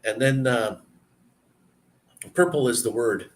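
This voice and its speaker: A man hosting a live stream, telling a story and answering viewer comments in a relaxed, chatty way. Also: mid-range voice, slow pace. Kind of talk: casual live-stream chat.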